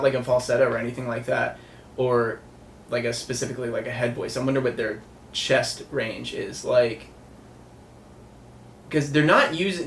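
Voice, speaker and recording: A man's voice: mid-range voice, fairly bright tone, a little hiss or hum. A man working as a music producer, reacting in casual commentary, thinking aloud with lots of filler words. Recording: echoey room with faint music behind. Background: faint music.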